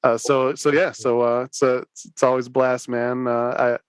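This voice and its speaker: Young man, podcast host, rambling casual chat, mid-pitched, dry recording. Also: flat delivery, moderate pace, smooth, dry recording. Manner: rambling, many fillers and restarts.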